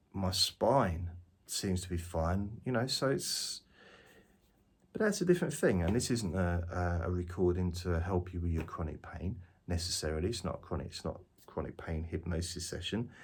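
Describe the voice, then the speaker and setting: Man, deep and breathy, off-the-cuff walking vlog, wry and rambling. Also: a little mellow. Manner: jokey, self-mocking, digressive. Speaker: vlogger. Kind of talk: rambling spoken monologue to camera. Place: outdoors, walking around.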